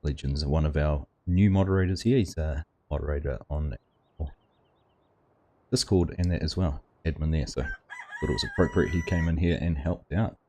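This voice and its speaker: A man's voice: very deep voice, wildly swooping pitch, normal speed, dark tone. A man hosting a casual game livestream, chatting and greeting viewers by name. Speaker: livestream host. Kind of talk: casual livestream chat while gaming.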